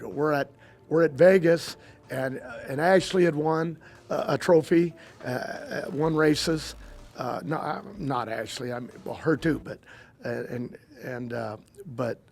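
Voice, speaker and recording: An older man in a casual interview, spinning a long family story. He stops and restarts constantly, piling up fillers as he goes. His voice sits a little on the high side. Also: vocal fry. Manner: rambling, halting with many restarts and fillers. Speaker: guest.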